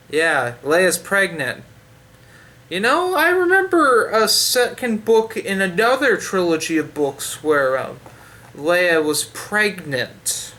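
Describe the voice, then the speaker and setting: A man tears into a book in a casual, rambling rant, swearing constantly and stumbling over fillers. His voice sits a bit high and sounds bright and forward. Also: slight background noise. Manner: profane, sarcastic, frequent fillers. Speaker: book reviewer. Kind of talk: ranting casual review.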